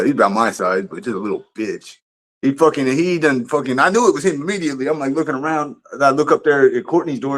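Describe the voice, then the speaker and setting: A man on a livestream tells a story casually in an ordinary middle-pitched voice. His delivery is profane and animated, and he rambles and restarts his sentences often.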